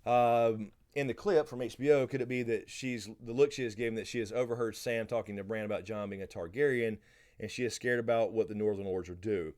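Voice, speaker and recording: A man with a Southern American accent and a lowish voice talks a little fast while hosting a live Q&A stream. He chats in a relaxed, rambling way and answers viewers in chat by name.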